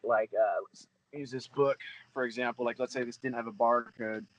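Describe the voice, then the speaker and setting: A man's voice: medium pitch, steady tone, no echo, poor audio. A man talking casually as an interview guest, loose and chatty, with plenty of fillers and swearing. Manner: fast, loose, swears freely, many fillers. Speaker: guest, book reseller.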